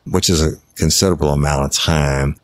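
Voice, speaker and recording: A man's voice: a bass voice, steady tone, fairly quick, no room sound. A middle-aged man telling a true-crime case in a blunt, profane, plain-spoken way as a podcast host. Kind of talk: casual true-crime storytelling.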